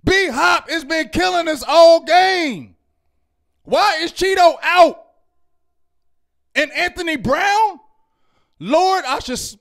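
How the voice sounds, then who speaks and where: A man delivers a heated postgame rant in a strikingly high voice. He is loud and fired up, hammering his points and checking in with the listener again and again. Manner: loud, fired-up ranting with repeated "you feel me?". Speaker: fan show co-host.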